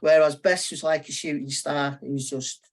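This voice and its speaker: A man's voice: on the high side, steady tone, normal speed. A man as a guest on a football podcast, telling stories with enthusiasm and painting match moments. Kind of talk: casual football chat.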